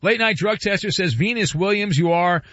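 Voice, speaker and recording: A wisecracking man runs a sports radio segment with loose, joking banter. His voice sits high and sounds close and dry. The broadcast audio is slightly dull, with faint music behind. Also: animated, moderate pace, a bit bright, dry recording. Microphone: studio microphone.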